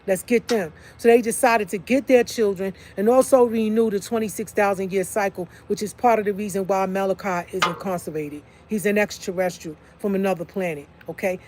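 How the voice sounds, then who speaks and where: A woman's voice: medium pitch, fairly even intonation, fairly quick, darkish tone, slight background noise. A woman speaking in a casual monologue to viewers. She keeps stressing her points, often asking "okay?" and repeating "like I said.". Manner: emphatic, repeats "okay?" and "like I said" to listeners. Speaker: online video speaker.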